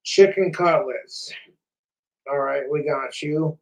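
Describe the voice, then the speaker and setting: A man's voice: on the high side, slow, distant mic, rough recording. A man chatting casually on a livestream, rambling, profane and repetitive.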